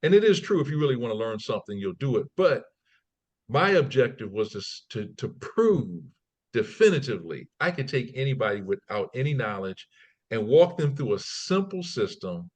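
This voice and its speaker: In a mid-range voice at a moderate pace, the CEO of a trading company chats as a podcast guest in a conversational interview. He animates his stories by acting out quotes in raised voices, with lots of repeated and restarted words.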